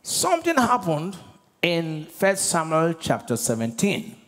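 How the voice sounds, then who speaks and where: A man's voice: fairly high pitch, huge pitch swings, a little slow, fairly bright tone. A Nigerian man preaching a sermon as pastor, emphatic and constantly quizzing his congregation. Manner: emphatic, keeps asking the congregation questions. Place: large church auditorium. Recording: long reverb of a large church hall.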